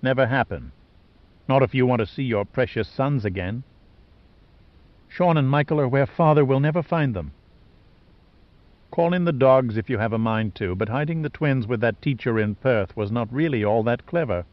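An icy, scheming rich sister who talks with calm, mocking composure, read by a man in his own low-key voice. The recording is dry and a little dull, like lo-fi audio. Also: normal speed, no room sound, natural voice. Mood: cold. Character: wealthy cold scheming woman, adult sister.

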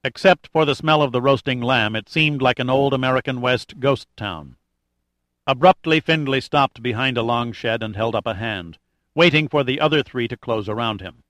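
A man reading an adventure novel aloud in steady, even scripted narration. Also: mid-range voice, moderate pace, dry recording, clean studio sound. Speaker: audiobook narrator.

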